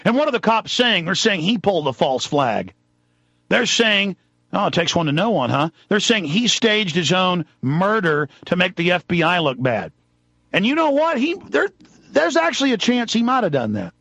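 Texas guy ranting on his talk show, high sharp voice, kinda muffled dry recording. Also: sing-song, moderate pace, no room sound. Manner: shouting, accusatory, ranting. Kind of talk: angry political rant.

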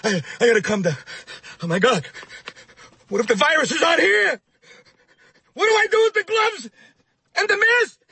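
A man playing a panicky, germ-terrified New Yorker in a comedy parody, rambling and swinging between panic and self-calming. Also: very high-pitched, normal speed, vocal fry, pauses often, no echo, full character voice. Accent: New York.

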